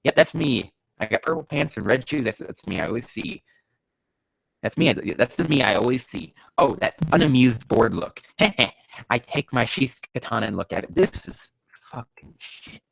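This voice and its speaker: A man with a medium-pitched, gravelly, expressive voice speaks at normal speed, reading bad fanfiction aloud and tearing into it through a stuffy, allergy-clogged nose. He's sarcastic, profane and exasperated, erupting into yells. It's a dry recording of ranting comedic commentary.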